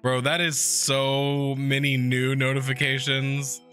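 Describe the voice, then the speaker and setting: A man's voice: medium pitch, little pitch movement, slow, fairly bright tone, soft background music. A man streaming a video game in a casual, sarcastic way, swearing and joking as he reacts to what happens. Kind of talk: casual gameplay commentary.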